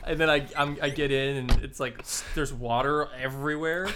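A man's voice: medium pitch, steady tone, moderate pace, background noise. A man improvising as a nervous groom in a comedy scene, goofy and rambling. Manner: goofy, rambling, says "like" a lot. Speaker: improv participant playing a groom. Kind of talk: improvised comedy role-play.

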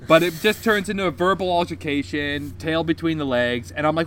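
A man telling a story on a casual podcast, swearing often and animated. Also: fairly high pitch, a little fast, a little hiss or hum. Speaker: podcast co-host.

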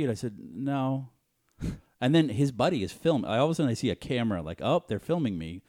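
A man's voice: mid-range voice, expressive, quick pace, darkish tone. A man co-hosting a casual podcast chat, telling stories animatedly, acting out the quotes and swearing freely. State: says he was hungover. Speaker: podcast co-host.

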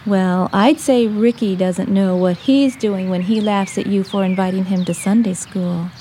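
A middle-aged woman playing a caring, patient mother who gently teaches her son, in a radio drama. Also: mid-range voice, fairly even intonation, measured pace, slight background noise, close to an everyday voice.

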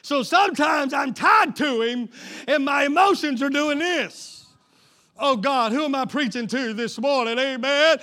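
A middle-aged male pastor preaching a sermon, swinging from hushed asides to shouted call-and-response. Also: very high-pitched, unhurried. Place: church sanctuary.

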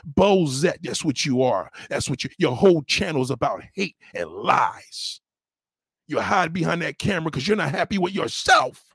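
A man's voice: a little high, expressive, moderate pace, vocal fry, a bit bright, breathy edge, no room sound, studio quality. A man hosting a livestream, scolding a viewer in a heated, repetitive rant. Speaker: livestream host. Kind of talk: ranting commentary.

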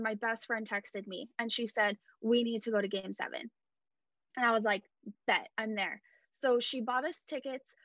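A woman retelling a night as a hockey fan, animated and emphatic, recorded dull and dry. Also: a little high, no room sound. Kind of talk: excited fan storytelling.

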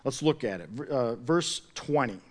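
A man preaching a sermon as pastor, telling a personal story in a chatty, animated way with many restarts. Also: mid-range voice, normal speed.

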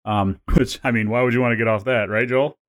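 A man's voice: mid-range voice, steady tone, brisk, a bit bright. A man in his forties, co-hosting a podcast in casual, rambling chat, joking and laughing often. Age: 40s. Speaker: podcast co-host.

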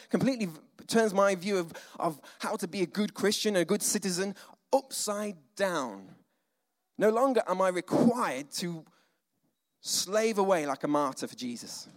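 A male preacher giving a conversational, animated sermon, full of asides and dramatic sighs. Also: sits high. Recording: long hall reverb.

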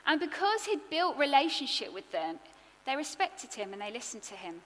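A woman preaching a sermon, earnest and expressive, building her points in rhythmic lists. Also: high voice, moderate pace, long reverb tail.

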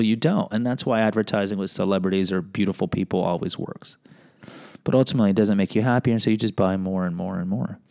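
A man's voice: on the low side, a little mellow, clean tone, no room sound. A man telling personal stories in a casual monologue, candid and self-deprecating, often restarting and adding asides.

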